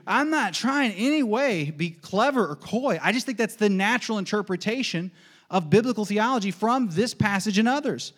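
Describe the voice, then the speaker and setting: A man preaching a sermon as pastor, emphatic and folksy, repeating questions and answers in a steady call-and-response rhythm. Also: high voice, normal speed. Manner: folksy asides with light laughs.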